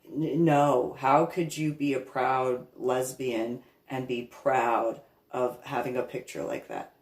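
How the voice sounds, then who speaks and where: A woman speaking as a reverend, telling a story in a casual monologue, animated and repeating her words for emphasis. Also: a bass voice, slow, echoey room.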